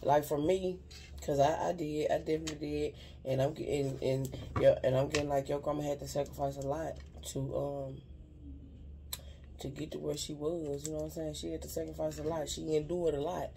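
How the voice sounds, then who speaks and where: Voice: medium pitch, little pitch movement, a little fast, vocal fry, warm tone, slight background noise. A spiritual advisor giving a casual card reading straight to viewers, earnest and rambling, often repeating "you know what I'm saying.". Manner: earnest and heartfelt, speaking directly to viewers.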